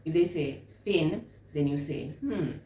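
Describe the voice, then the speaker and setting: A woman's voice: sits low, expressive, unhurried, dark tone. A woman host teaching reading, explaining step by step and drawing out and repeating each sound she models. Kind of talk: instructional explanation. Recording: echoey room with faint noise.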